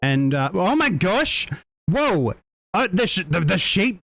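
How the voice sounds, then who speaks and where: A young Australian man chatting excitedly on a live stream, giggling and tripping over his words. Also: high voice, takes it slowly, dry recording. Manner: excitable, giggly, stammering restarts, mild faux swearing. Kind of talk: casual live-stream chat.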